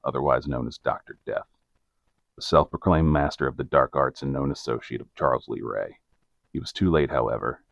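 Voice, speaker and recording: Narrating a case true-crime style, a podcast co-host stays deadpan and measured, his voice very deep and gravelly. There is no echo, and the high frequencies are cut off.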